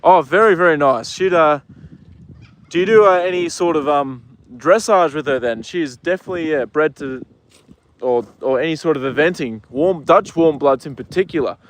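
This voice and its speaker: Relaxed Australian male host, casual outdoor stream chat, talks to his horse between comments. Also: a little high, normal speed. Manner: easygoing, chats to his horse and reads viewer comments. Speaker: livestream host.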